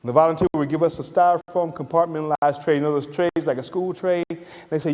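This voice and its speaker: A middle-aged man from Atlanta, giving a lively, conversational storytelling lecture. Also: on the high side, quick pace. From Atlanta, Georgia. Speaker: guest lecturer. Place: lecture hall. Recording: reverberant lecture hall.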